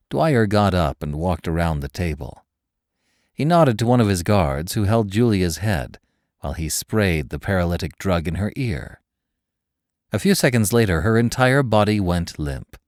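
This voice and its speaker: Deep-voiced male audiobook narrator, lively delivery. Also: no echo, clean studio sound. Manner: measured, dramatic storytelling.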